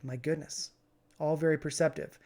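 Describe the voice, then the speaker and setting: A man narrating as game master in a tabletop game, relaxed and hesitant, with many fillers. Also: fairly high pitch, moderate pace.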